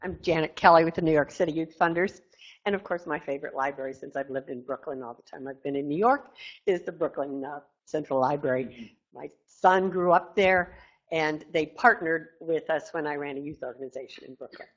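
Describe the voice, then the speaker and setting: A woman's voice: low voice, brisk, rough recording. A woman from a youth funders network introducing herself in a matter-of-fact way.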